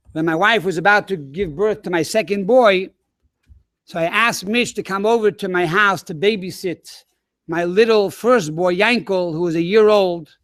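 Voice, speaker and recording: A man, a rabbi, telling an animated story to schoolchildren over a webinar. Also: high voice, dry recording, clean studio sound. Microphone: webinar microphone.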